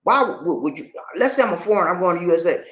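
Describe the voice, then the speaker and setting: A man living abroad talking casually to his viewers, animated, acting out shop conversations and repeating phrases for emphasis. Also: high-pitched, rapid-fire, echoey room. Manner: animated, acts out shop dialogues. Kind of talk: casual live-stream talk to viewers. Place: indoors, in the Philippines.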